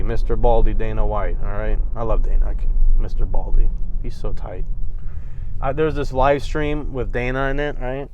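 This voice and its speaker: A man hosting a casual MMA prediction show, ranting excitedly and swearing in loose run-on bursts from inside a moving car. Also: mid-range voice, rough recording. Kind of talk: casual fight-prediction rant.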